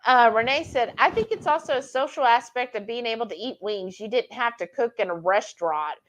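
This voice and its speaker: A Texas woman co-hosts a live cooking stream, chatting casually, reading viewer comments aloud and often voicing her pets in silly voices. Her voice is a little high and fairly bright, and she talks briskly.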